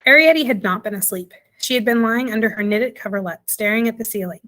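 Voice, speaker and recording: A woman reading a children's novel aloud as narrator, in a gentle, even storytelling manner. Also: a little high, quick pace. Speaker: audiobook reader.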